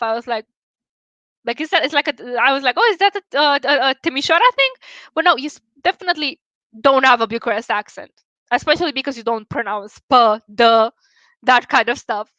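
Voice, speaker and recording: A woman's voice: high-pitched, pushed and bright, no echo, highs cut off. A young woman from Romania with a Romanian accent, chatting casually with viewers on a stream, laughing often and swearing freely.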